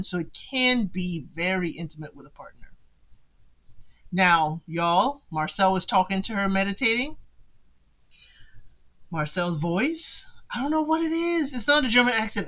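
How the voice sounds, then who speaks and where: A woman's voice: medium pitch, bright, forceful tone, rough recording. A woman hosting a podcast, recapping a show in casual, chatty commentary and talking straight to her listeners with teasing asides. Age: adult parent of sons.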